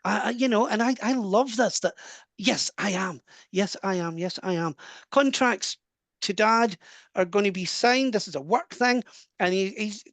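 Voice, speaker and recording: A man's voice: sits high, no echo. Scottish man giving a reading. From Scotland. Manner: warm, earnest, relays messages with quick asides and laughs. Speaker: medium. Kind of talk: live mediumship reading.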